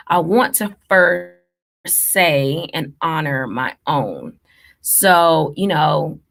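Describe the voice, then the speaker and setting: Lady on a live stream, low gravelly voice, slow and earnest, lots of ums. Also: a bit bright. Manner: earnest, listing thanks in long runs with many ums. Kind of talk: heartfelt live-stream address.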